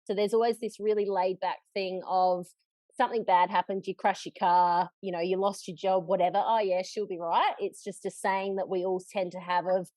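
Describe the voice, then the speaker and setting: An Australian woman in her thirties talks as a podcast guest, telling stories in a relaxed, easygoing way. Her voice sits at a middling pitch. The recording is dry, with no room sound. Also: normal speed, dry recording. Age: 30s. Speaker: guest journalist. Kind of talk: casual podcast chat.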